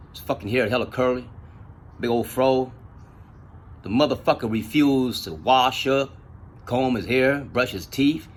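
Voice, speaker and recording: A man telling stories in casual, profane street slang, with an animated retelling style. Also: mid-range voice, breathy edge. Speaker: storyteller. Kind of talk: casual storytelling.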